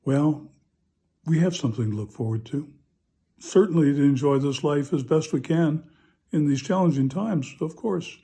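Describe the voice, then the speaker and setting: Priest with a very dark, mellow voice. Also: male voice, on the high side, moderate pace, breathy edge. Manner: relaxed, chatty storyteller, many uh fillers. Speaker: parish priest. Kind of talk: homily with a humorous story.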